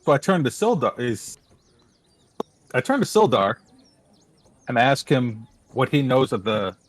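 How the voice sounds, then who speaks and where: A man playing in a tabletop game, describing his character's moves haltingly as he thinks aloud. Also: medium pitch, sing-song. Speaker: player. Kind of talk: tabletop role-play.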